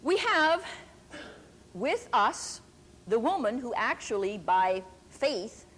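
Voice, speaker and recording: An older woman preacher telling a testimony in a sermon, deliberate and emphatic, drawing out key words slowly. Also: on the high side, big pitch swings, a little hiss or hum. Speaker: preacher and Bible teacher.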